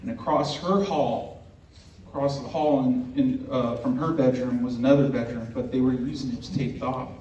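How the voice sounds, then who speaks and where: A man telling a true ghost story to an audience in an earnest, unhurried way, with religious language. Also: medium pitch, fairly even intonation, warm tone, a little hiss or hum. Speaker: host telling a personal story. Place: indoor event room. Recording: roomy, distant, dull recording with faint ambience.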